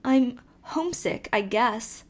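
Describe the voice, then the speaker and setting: Female narrator voicing a frightened homesick girl, halting and pleading. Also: high-pitched, animated, mellow, voice pushed up. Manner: faltering, pleading.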